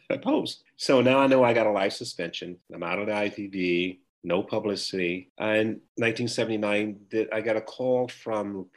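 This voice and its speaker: An older man, an interview guest, telling animated stories about his past and acting out other people's lines. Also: lowish voice, normal speed, hardly any pauses. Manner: animated storyteller, acts out quoted voices. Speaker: interview guest, retired bodybuilder. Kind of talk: storytelling interview answers.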